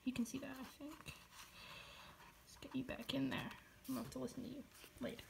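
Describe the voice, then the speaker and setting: High-voiced young woman gushing over an unboxing. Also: flat delivery, normal speed, creaky, noisy background. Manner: gushing, often drops to a whisper. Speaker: vlogger. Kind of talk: unboxing vlog commentary.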